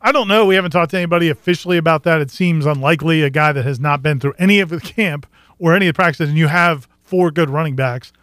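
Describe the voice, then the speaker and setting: A man's voice: on the high side, quick pace, a bit bright, dry recording, studio quality. A man co-hosting a casual sports talk radio show, breaking down the game in a matter-of-fact way. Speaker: sports radio co-host and analyst.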